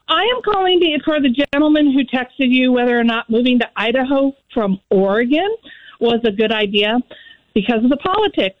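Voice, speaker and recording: A woman's voice: fairly high pitch, no room sound. A woman calling in to a radio show, chatting in a folksy, friendly way and laughing as she talks. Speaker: caller. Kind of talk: call-in chat. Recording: tinny phone line.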